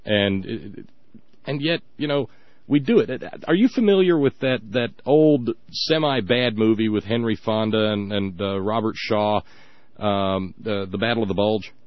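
A man hosting casual political talk, wry and thoughtful, who tells stories with pauses and fillers, on slightly muffled audio. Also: lowish voice, no room sound.

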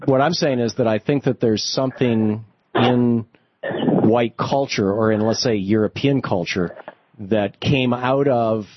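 Low-voiced male radio talk host. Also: muffled recording, slight background noise. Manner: conversational, thinks aloud with restarts.

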